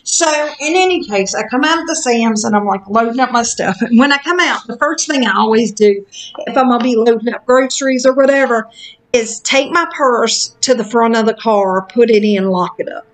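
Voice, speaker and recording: Chatty woman telling a story, high voice. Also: a little fast. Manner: chatty, animated, frank, lots of fillers. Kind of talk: casual storytelling chat.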